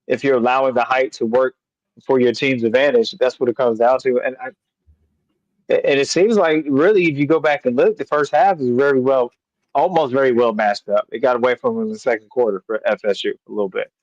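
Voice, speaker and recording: A man's voice: mid-range voice, fairly even intonation, no echo. Coach guy chatting hoops, trips over his words a lot, dull dry lo-fi sound. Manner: halting, restarts sentences, laughs easily. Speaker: basketball coach guest. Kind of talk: casual sports talk.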